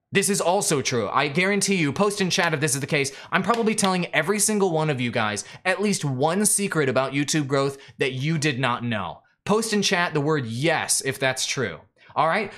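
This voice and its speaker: A man hosting a live stream, coaching viewers in an emphatic, directive way. He speaks straight to the audience in a slightly higher-pitched voice. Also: a bit bright. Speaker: YouTube growth coach. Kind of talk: live-stream teaching monologue.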